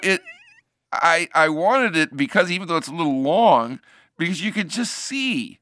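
A man's voice: fairly high pitch, no room sound, studio quality. A man hosting a show, casually commenting on a clip he has just played, stumbling and restarting as he talks. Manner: animated, halting, restarts often. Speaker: commentary host.

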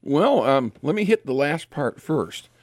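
A man hosting a late-night radio call-in show as a pastor, talking in a relaxed, chatty way with many fillers and restarts. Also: a little high, measured pace, dry recording.

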